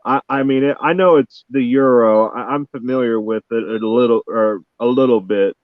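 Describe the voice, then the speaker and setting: A man's voice: mid-range voice, normal speed, dry recording. Guy rambling on a tinny phone-ish line, dry. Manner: rambling, hesitant restarts. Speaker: caller. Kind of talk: casual call-in chat.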